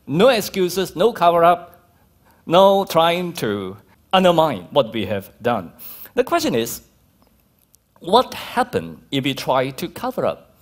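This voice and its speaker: A male pastor with a Malaysian accent, preaching a sermon and telling stories with acted-out quotes. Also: fairly high pitch. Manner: lively storytelling with laughs and acted-out quotes.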